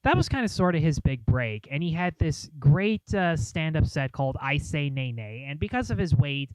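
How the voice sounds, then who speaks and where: A man with a smooth, clear and somewhat high voice recounts memories in earnest detail during a casual chat. He is recorded dry and close to the mic. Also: sing-song, normal speed, dry recording. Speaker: podcast co-host.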